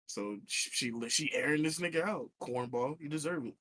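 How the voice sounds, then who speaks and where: A young man co-hosting a casual podcast, reacting with disbelief, quick questions and blunt jokes. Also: on the high side, bright, forceful tone. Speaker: podcast co-host. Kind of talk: casual chat.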